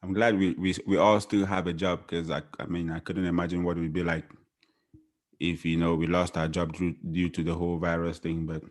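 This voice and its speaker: A young man leads a casual podcast conversation. He sounds relaxed and often doubles up words mid-sentence. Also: low voice, brisk. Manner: relaxed, repeats words as he speaks. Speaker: podcast host.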